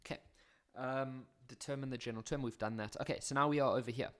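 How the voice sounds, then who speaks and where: A man with a South African accent working through a maths problem for his viewers. He keeps it chatty and breaks off into self-deprecating jokes. His voice sits at an ordinary middle pitch. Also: steady tone, fast, a bit bright. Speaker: maths teacher. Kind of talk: video maths lesson.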